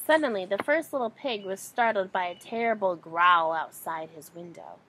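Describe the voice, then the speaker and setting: A woman reading a children's story aloud in an animated, expressive way. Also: medium pitch, normal speed, a little hiss or hum, rough recording. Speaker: storybook reader.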